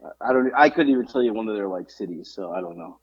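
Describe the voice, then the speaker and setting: A man's voice: fairly low pitch, fast, breathy edge, dry recording, muffled recording. A man in his forties co-hosting a podcast, telling stories in casual chat, acting out quotes and swearing freely. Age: 40s. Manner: animated storytelling, acts out quotes, swears freely. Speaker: podcast co-host.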